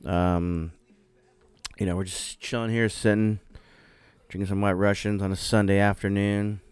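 A man's voice: on the low side, little pitch movement, a little slow, a little mellow, clear, resonant tone, no room sound. A man co-hosting a casual podcast, laid-back, swearing freely and laughing often. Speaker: podcast co-host. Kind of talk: casual chat.

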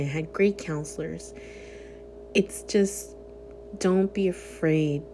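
Young woman, earnest and heartfelt vlog talk, lowish mellow voice, faint hum behind. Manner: earnest, heartfelt, speaks directly to viewers. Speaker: vlogger. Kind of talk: candid personal vlog talk.

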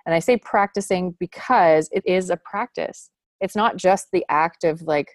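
A woman's voice: on the low side, a little slow, no echo, clean studio sound. A woman in a casual conversation, talking earnestly and reflectively, with frequent small laughs.

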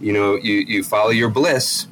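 A man's voice: on the low side, fairly even intonation, moderate pace, a bit bright, slight background noise. A man hosting a podcast, talking in a rambling, reflective way with many restarts. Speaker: podcast host. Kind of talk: casual interview chat.

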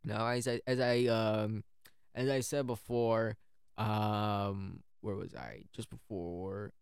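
A man's voice: fairly low pitch, fairly even intonation, slow, creaky, clear, resonant tone, no room sound, clean studio sound. A man narrating history in a casual way, often stumbling and correcting himself.

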